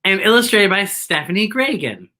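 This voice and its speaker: A woman's voice: mid-range voice, normal speed. A woman hosting a children's story time, reading a picture book aloud and talking playfully and directly to young listeners. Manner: playful, animated, talks straight to kids.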